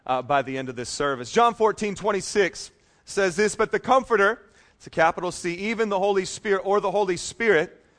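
A man's voice: sits high, brisk, a bit bright. A male pastor preaching a sermon, reading scripture emphatically and adding casual, joking asides.

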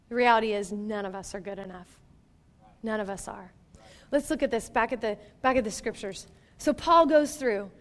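High-voiced, animated woman pastor preaching. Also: long reverb tail. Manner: animated, conversational, with laughs and playful asides. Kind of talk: sermon.

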